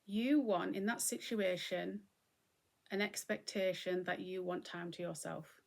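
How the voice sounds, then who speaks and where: A middle-aged woman giving a gentle, conversational talk on mindfulness and acceptance as host. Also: on the low side, steady tone, measured pace, creaky. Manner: gentle, conversational, often acting out what she would say.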